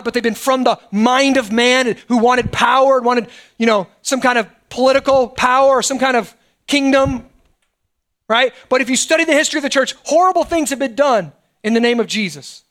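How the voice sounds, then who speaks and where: High-voiced man preaching a sermon. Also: a bit bright. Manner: conversational preaching, frequent "right?" asides. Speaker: pastor.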